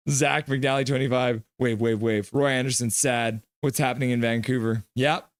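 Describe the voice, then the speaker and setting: A casual man hosts a live stream, reading viewer comments aloud and cracking jokes between bits of play-by-play. His voice is smooth and clear at a middling pitch. It is recorded close and dry, with no room sound. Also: fairly even intonation, unhurried, pauses often, no echo.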